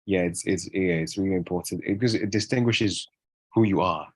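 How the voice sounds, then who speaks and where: Low husky man, casual rambling talk. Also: brisk. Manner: relaxed, rambling, many fillers and restarts. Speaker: guest English speaker. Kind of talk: casual conversational interview.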